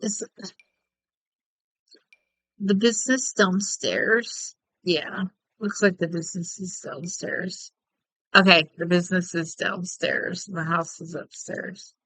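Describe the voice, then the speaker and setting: Middle-aged woman, casual gameplay chat, rambling and giggly, very slow delivery, bright tone. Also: on the low side, fairly even intonation, no echo, rough recording. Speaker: gameplay streamer. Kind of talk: casual chat while playing.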